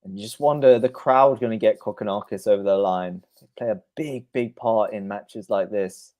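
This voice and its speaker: Calling a tennis match shot by shot on a live stream, a man responds to chat comments between points. His voice is fairly low and darkish, at a normal speed.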